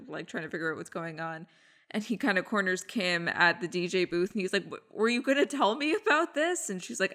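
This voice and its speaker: A woman hosting a podcast, chatting casually through an episode recap and acting out quoted lines. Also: pushed and bright. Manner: chatty, acts out lines with pitch jumps. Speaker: podcast host.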